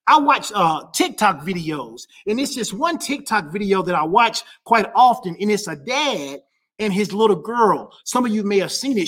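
A woman pastor preaching a sermon with passion, repeating key lines and rising to shouts at the high points. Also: breathy edge.

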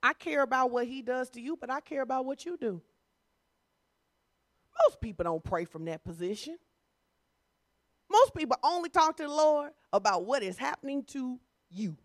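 A woman's voice: high voice, lively intonation, normal speed, pauses often, no room sound, studio quality. A woman pastor preaching a sermon in a conversational, teasing way.

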